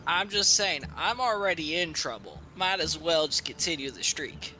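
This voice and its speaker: A man playing a tabletop game, blunt and animated as he pushes his point. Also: a little high, moderate pace, soft background music, low-quality recording. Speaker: player. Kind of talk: casual tabletop game chat.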